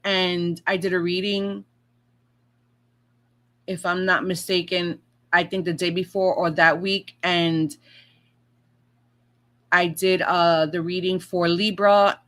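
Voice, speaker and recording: A woman's voice: lowish voice, fairly bright tone. A woman talking to her viewers as a tarot and astrology vlogger, in a chatty rambling monologue where she swears freely and acts out her own past remarks.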